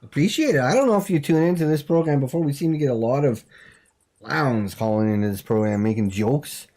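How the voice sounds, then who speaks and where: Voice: medium pitch, animated, brisk, a little mellow. Mock-serious comedy call-in host. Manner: mock-serious, exasperated, teasing. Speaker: talk show host. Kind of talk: comedic call-in show banter.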